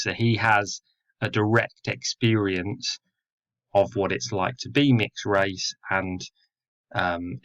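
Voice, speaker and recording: A male English teacher explaining a poem in a recorded lesson, filling pauses with "um". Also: deep voice, bright, forceful tone, muffled recording. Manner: explanatory, with many fillers.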